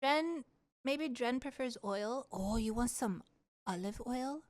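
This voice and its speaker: A woman's voice: fairly high pitch, animated, slow, a little mellow. A young woman streamer chatting casually with her live chat, playful and giggly, trying out words with a mock French accent.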